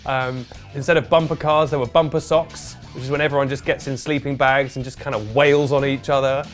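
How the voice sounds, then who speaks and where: A man hosting a comic news show in a dry, deadpan, mock-serious way. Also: mid-range voice, fairly quick, soft background music. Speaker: host. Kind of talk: comedic news commentary.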